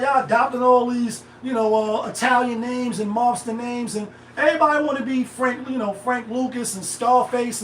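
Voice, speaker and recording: High-voiced man rambling in an echoey room. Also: recorded from a distance, slight background noise. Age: middle-aged. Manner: rambling, digressive, heavy slang and filler. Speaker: livestream host. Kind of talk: casual live monologue. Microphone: phone set back from the speaker.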